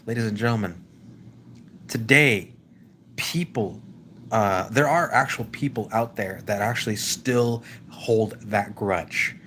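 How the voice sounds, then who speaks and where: A man hosting a live stream, talking off the cuff in a rambling way, with frequent restarts, and repeatedly calling out to his viewers as ladies and gentlemen. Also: on the low side, takes it slowly, slight background noise. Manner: rambling, with many restarts and stumbles; keeps addressing the audience as "ladies and gentlemen". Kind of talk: casual opinion monologue.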